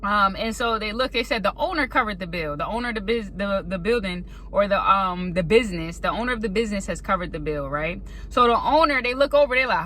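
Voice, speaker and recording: Woman vlogger, bright high voice, lively storytelling. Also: moderate pace. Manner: animated, acts out panicked voices, conversational. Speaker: faith vlogger. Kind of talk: casual storytelling monologue. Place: indoors at a laptop.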